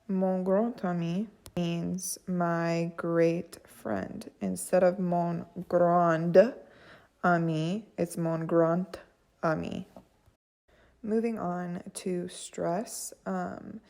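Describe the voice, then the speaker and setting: Slow, gravelly-voiced young woman presenting. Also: lowish voice, warm tone. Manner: unhurried, frequent fillers. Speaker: student presenter. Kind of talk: class presentation on phonology.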